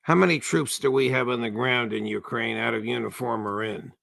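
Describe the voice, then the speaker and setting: A man hosting an interview, asking measured, probing questions with small hesitations. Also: medium pitch, fairly even intonation, creaky, fairly bright tone, no room sound. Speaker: host.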